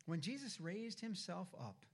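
Man preaching, slow and measured, somewhat high voice, reflective. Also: big pitch swings. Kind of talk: sermon.

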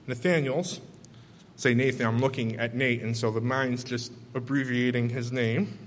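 A man with children, preaching a sermon: he reads scripture and pauses earnestly to explain it and talk straight to his listeners. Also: a little high, in a large hall. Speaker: pastor.

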